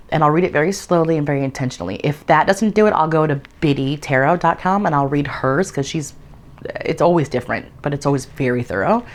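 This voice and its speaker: A young adult woman talking casually as a tarot vlogger, explaining a method with plenty of "like" and "um" and the odd swear word. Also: low-pitched. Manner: chatty, frequent "like" and "um" fillers, casual swearing. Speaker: tarot content creator. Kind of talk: casual instructional vlog.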